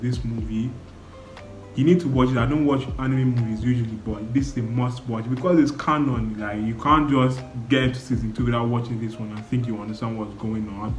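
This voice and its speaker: A man's voice: medium pitch, fairly even intonation, brisk. Emotional young man in a roomy echo. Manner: emotional, exclamatory, repeats "no, no, no". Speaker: anime reviewer. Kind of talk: casual spoken review. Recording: roomy echo, faint background music.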